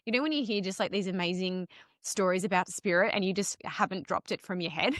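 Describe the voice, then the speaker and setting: A woman's voice: mid-range voice, a little fast, dry recording, studio quality. A woman hosting a podcast interview, encouraging her guest and laughing easily. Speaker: podcast host.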